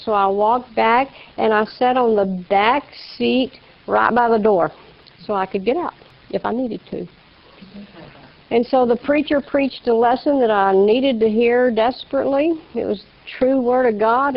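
A woman's voice: fairly high pitch, vocal fry. A woman giving a personal faith testimony in a folksy storytelling way, acting out the people in her story. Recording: slightly dull lo-fi recording.

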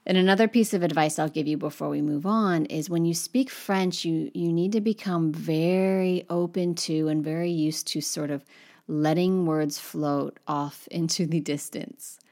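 A woman teaching French pronunciation to English speakers online, spelling words out letter by letter and slowing down to demonstrate. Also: low voice, fairly even intonation, darkish tone. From English-speaking country.

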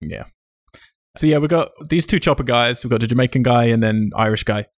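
A man's voice: mid-range voice, brisk, dry recording, clean studio sound. A man hosting a casual film discussion, chatty and self-deprecating, laughing often as he talks. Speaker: podcast host.

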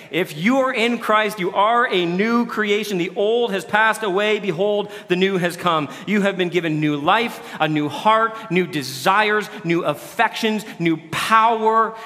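A man's voice: sits high, unhurried, few pauses, pushed and bright, big-room sound. A man preaching a sermon in a loose, conversational way, often restarting his sentences. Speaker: pastor.

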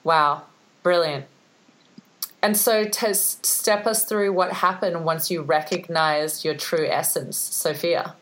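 Soft-spoken woman interviewer with a low voice. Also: steady tone, slow, low-quality recording. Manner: empathetic, asks strings of probing questions. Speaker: podcast host.

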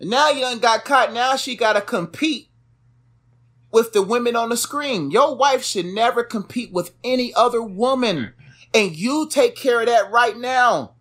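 A man's voice: very high voice, unhurried, a bit bright. A young man co-hosting a podcast, giving emphatic, preachy life advice in a casual chat, repeating phrases for stress. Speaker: podcast co-host. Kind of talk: casual motivational talk.

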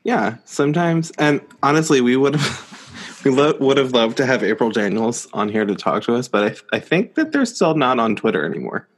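Male podcast co-host, playful, laughs often, very lively pitch. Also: moderate pace. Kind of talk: casual chat.

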